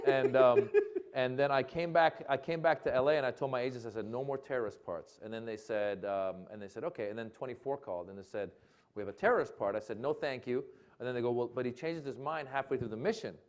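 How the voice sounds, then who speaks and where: A man tells a comic story to a live audience at a mid-level pitch. He acts out the voices of the people in his tale. He breaks into laughter often. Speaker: comedian guest. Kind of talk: storytelling on stage.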